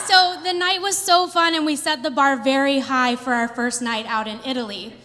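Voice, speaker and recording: Woman in her 30s doing stand-up on stage, high voice, big hall reverb, faint room noise. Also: normal speed. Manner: animated storytelling with playful put-on quotes. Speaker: stand-up comedian. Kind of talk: stand-up comedy routine. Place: theater stage before a live audience.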